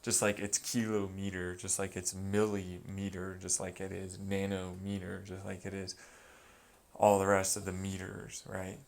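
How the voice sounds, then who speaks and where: A man's voice: sits low, monotone, measured pace, creaky. A young man in casual chat, rambling and swearing heavily. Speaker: streamer.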